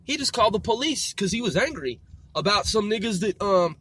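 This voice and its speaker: A male podcast host in his forties drives while he talks, delivering a loose, rambling rant peppered with swearing and self-corrections for a mobile podcast recorded in the moving car. He speaks fairly quickly in a high-pitched, slightly rough voice that's a bit bright, with lively intonation.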